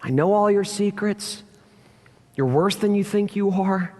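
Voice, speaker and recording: A man preaching a sermon as pastor, telling a personal story in an animated way and acting out the lines of the people in it. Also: high voice, unhurried, long reverb tail.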